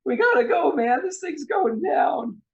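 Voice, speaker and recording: A man voicing a frightened young man who shouts at a friend to flee a sinking ship. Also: very high voice, sing-song, unhurried, creaky, lo-fi sound, voice pushed up, full character voice. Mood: panicked. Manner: shouting, panicked.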